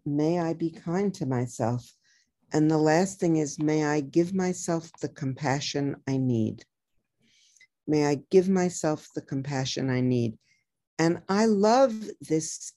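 Low mellow woman guiding gently. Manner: reflective, repeats key phrases slowly like a mantra. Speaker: psychotherapist and author, guest. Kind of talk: podcast interview, advice.

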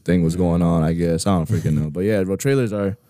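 Low, mellow-voiced laid-back man. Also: fast talker, no room sound, clean studio sound. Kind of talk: casual chat.

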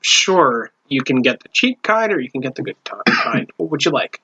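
A man's voice: medium pitch, very animated, moderate pace, pushed and bright, slightly rough. A man narrating a tabletop game as game master, teasing the players as he goes. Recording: dull lo-fi recording with faint noise.

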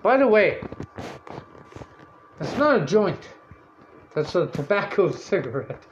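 A man hosting a podcast, telling a story in a loud, profane, animated rant and acting out what people said. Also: sits high, slow, muffled recording, a little hiss or hum. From Canada. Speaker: podcast host.

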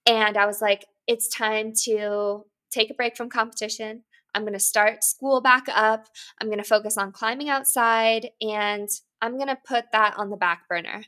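A woman's voice: fairly high pitch, fairly even intonation, normal speed, pushed and bright. A woman in her twenties, a climber, talking openly in an interview in a candid, thoughtful way, often saying "you know" and "like". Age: 20s. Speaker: guest, competitive climber. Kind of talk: reflective interview talk.

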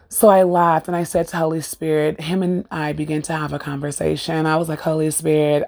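A middle-aged woman hosting her own show, telling an earnest spiritual story in a casual, animated way. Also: sits low, moderate pace, gravelly. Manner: earnest, conversational, animated retelling. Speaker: podcast host.

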